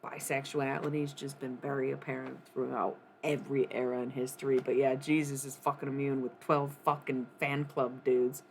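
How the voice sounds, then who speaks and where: A woman's voice: very deep voice, little pitch movement, normal speed, creaky, hardly any pauses, a little hiss or hum. A woman streaming live, ranting in a casual, profane, worked-up way and often laughing.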